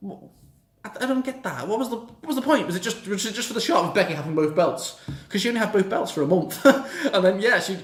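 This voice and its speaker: A young man, chatting casually and excitably, swearing as he reacts. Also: sits high, fast talker, reverberant. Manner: excitable, swears, mocks and acts out the wrestlers in little quips. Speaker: reaction vlogger. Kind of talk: casual chat.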